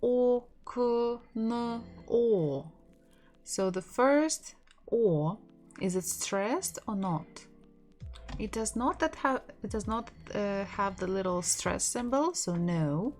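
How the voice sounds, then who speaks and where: Slow, patient woman teaching Russian letters. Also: mid-range voice, expressive, darkish tone, faint music behind. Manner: patient, spells words out letter by letter; reads viewers' chat messages aloud. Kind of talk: live-streamed language lesson.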